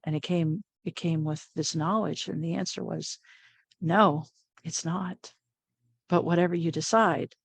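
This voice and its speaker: A middle-aged woman, an interview guest, telling a personal story in a lively way, often laughing and acting out what people said. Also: fairly low pitch, no room sound. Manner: animated, laughs often, acts out quoted lines.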